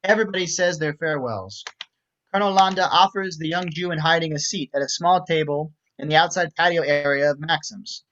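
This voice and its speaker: A man's voice: a little high, brisk, fairly bright tone, highs cut off. A man reading stage directions at a script reading, adding wry, explanatory commentary. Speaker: narrator.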